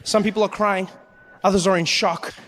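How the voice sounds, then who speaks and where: A man performing stand-up comedy, telling a story with animated delivery and acting out the characters. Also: high-pitched, normal speed.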